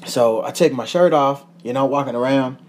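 A young man, a podcast host telling a profane, animated travel story in casual chat, laughing often. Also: medium pitch, normal speed, a little hiss or hum. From United States.

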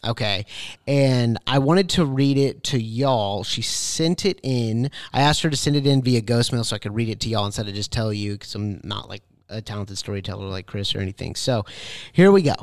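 Male podcast host, young adult, relaxed storyteller; dry close-miked sound. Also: medium pitch, normal speed, no room sound. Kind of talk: casual chat and reading listener stories.

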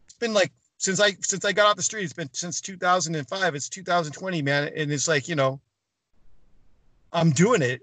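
Brief: middle-aged man, guest storyteller, bright forceful voice, dry close sound, a bit high. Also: no room sound. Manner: animated, acts out quoted dialogue, swears freely. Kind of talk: casual storytelling.

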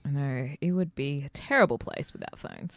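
A woman's voice: a bass voice, normal speed, no echo. An Australian woman co-hosting a casual chat show, playful and giggling often. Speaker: co-host.

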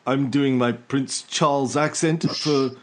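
A man's voice: medium pitch, steady tone, unhurried. A man co-hosting a podcast, chatting casually and irreverently about history and swearing freely. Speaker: podcast co-host.

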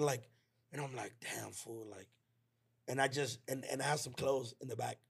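Podcast co-host, male, gravelly and husky, casual slangy storyteller who acts out quotes. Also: medium pitch. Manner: slangy and heartfelt, acts out friends' lines in quick quoted bursts.

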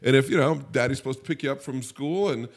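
A quick-paced middle-aged man with a mid-range voice co-hosts a podcast in easygoing chat. He rambles with a wry edge, repeatedly halting mid-thought and picking it up again.

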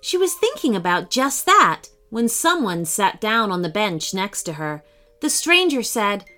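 Woman storyteller, children's story narration, expressive, lively pitch, faint music behind. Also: measured pace.

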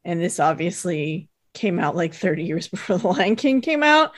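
A woman's voice: on the low side, very animated, moderate pace, no room sound, studio quality. A woman co-hosting a podcast, casually recapping a cartoon episode and quoting characters in put-on voices. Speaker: podcast co-host.

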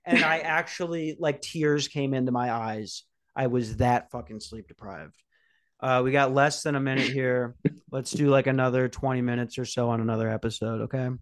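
A man's voice: mid-range voice, steady tone, moderate pace. A young man casually telling a rambling story on a podcast, swearing and acting out quotes. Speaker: podcast host.

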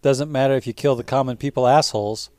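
A man's voice: medium pitch, steady tone, quick pace, warm tone, clean tone, no echo. A man co-hosting a podcast, chatting casually and opinionatedly about a video game story with exasperated asides. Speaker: podcast co-host.

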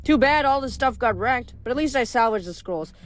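A woman's voice: on the high side, lively intonation, brisk, faint music behind, voice pushed up, close to an everyday voice. A woman playing a cocky wisecracking teen boy. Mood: relieved. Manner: joking, sarcastic quips. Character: wisecracking teenage boy mechanic, cocky and playful.

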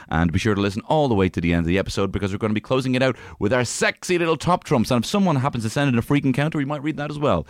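A man's voice: medium pitch, rapid-fire, few pauses, dry recording, studio quality. A man co-hosting a comedic podcast in a jokey, rambling way. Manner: jokey, rambling, lively delivery with fillers. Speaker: podcast co-host.

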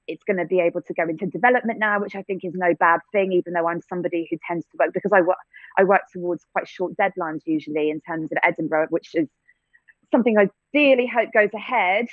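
A woman's voice: lowish voice, no echo. A woman from England, an actor, answering interview questions reflectively with frequent restarts. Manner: reflective, many restarts and fillers, light laughs. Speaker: actor and theatre-maker. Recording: dry, phone-like line.

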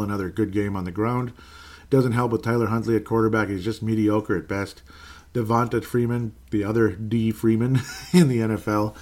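Guy doing a chill solo football recap, lowish voice, wry, kinda rambly. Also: darkish tone. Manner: casual, wry, self-correcting, chuckles often. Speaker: sports commentator. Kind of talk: solo NFL recap commentary.

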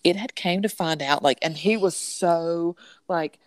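A woman's voice: on the low side, a little slow, no room sound. A woman from Southern Georgia chatting casually about a book, rambling and filling with "like". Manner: rambling, heavy use of "like".

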